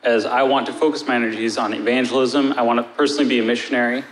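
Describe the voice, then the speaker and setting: A man's voice: medium pitch, level tone, very fast. Earnest male audience member, rambling question, roomy hall, light hiss. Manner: earnest, long-winded question. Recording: echoey hall with faint noise.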